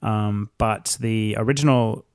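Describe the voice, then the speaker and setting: A man speaking as a podcast guest in relaxed casual chat, with quick bursts. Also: lowish voice, smooth, no room sound, clean studio sound.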